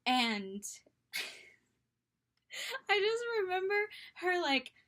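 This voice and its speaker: A young woman telling a story in a casual vlog, animated and dramatic, speaking into a webcam mic. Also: very high voice, extremely slow. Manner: animated, dramatic, breaks into laughter.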